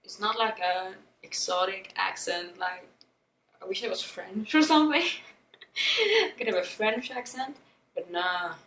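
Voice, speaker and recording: A woman's voice: mid-range voice, expressive, measured pace, pauses often, fairly bright tone, roomy sound, recorded from a distance, a little hiss or hum, rough recording. A young woman from Sweden with a Swedish accent, chatting frankly as she does her makeup for a beauty vlog, swearing freely and laughing often. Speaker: beauty vlogger. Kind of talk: chatty get-ready-with-me vlog. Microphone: camera-mounted mic, a little far.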